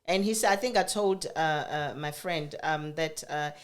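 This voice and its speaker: A woman's voice: low-pitched, moderate pace. A middle-aged woman from Africa, chatting casually and telling family stories with frequent laughs and restarts. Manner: animated storyteller, laughs often, many restarts. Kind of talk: casual chat.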